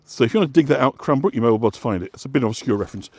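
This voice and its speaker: This man, a vlog host and walking guide from West Yorkshire, England, rambles along an outdoor path in easygoing explanatory chat, full of fillers and false starts. He has a mid-range, slightly mellow, husky voice and talks in an animated, rapid-fire way, with no echo.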